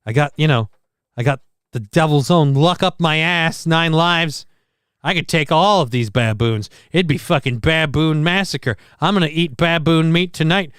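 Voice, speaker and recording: A man's voice: fairly high pitch, moderate pace, a bit bright, smooth, dry recording, clean studio sound, lightly acted. A man voicing a cocky, boastful male leopard that swears crudely.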